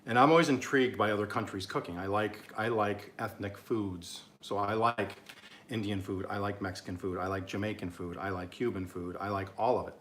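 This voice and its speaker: A man's voice: fairly low pitch, steady tone, fairly quick, fairly bright tone, slight background noise. Chatty Oklahoma man vlogging his cooking. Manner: chatty, rambling, self-amused. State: talking with mouth full at times. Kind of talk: casual cooking vlog.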